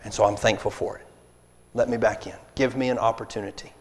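A man's voice: on the low side, steady tone, quick pace. A man preaching a sermon, earnest and pleading, acting out apologies to make his point. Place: church hall. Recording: long reverb of a church hall.

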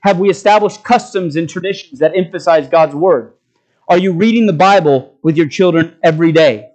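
High-voiced man preaching a sermon. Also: moderate pace, darkish tone, low-quality recording. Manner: earnest exhortation with stacked rhetorical questions.

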